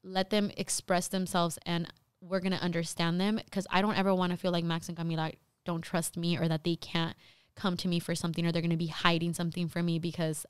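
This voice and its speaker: Young woman, chatty and laughing, crisp smooth voice, slightly low pitch. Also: dry recording, studio quality. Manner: chatty, laughs often, says "like" a lot. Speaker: podcast co-host, mother. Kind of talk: casual chat.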